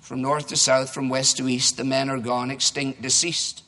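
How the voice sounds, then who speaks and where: A man's voice: mid-range voice, level tone, normal speed, bright, forceful tone, voice pushed down, lightly acted. Naomi, a man reading her as a grieving old widow. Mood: lamenting. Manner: sing-song rhyming laments. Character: grieving elderly widow, weary and fretful. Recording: echoey hall reverb.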